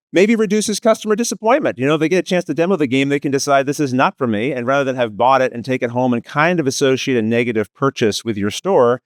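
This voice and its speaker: A man with an East Coast Canadian accent from the Maritimes presents on a conference panel and also makes tutorial videos. He's lively and self-deprecating, joking with the crowd and putting questions to them. His voice sits in the mid-range, and the recording is dry and studio quality.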